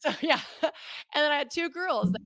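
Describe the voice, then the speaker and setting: A woman in her thirties, a guest on an interview, telling a candid personal story with animated, self-mocking delivery. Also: high-pitched, normal speed, no room sound, studio quality. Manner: animated, acts out her own past thoughts in quotes. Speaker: interview guest, life coach.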